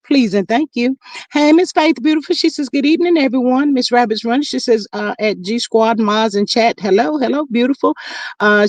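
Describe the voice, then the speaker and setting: A woman hosting a casual live stream, chatting with viewers and reading their comments aloud in a lively, drawn-out way. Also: no echo. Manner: chatty, lively, drawn-out greetings, sudden high exclamations.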